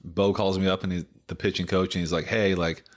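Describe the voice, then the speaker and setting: A man in his late thirties, a former baseball pitcher, telling his story casually in an interview, full of "like" and "you know.". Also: flat delivery, fast. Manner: rambling, filler-heavy retelling full of "like" and "you know".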